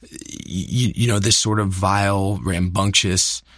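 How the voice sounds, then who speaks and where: A man in his thirties, an actor telling a personal story in an interview, earnest and halting, often repeating words as he restarts. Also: deep voice, steady tone, fairly bright tone, dry recording, studio quality. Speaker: actor, guest.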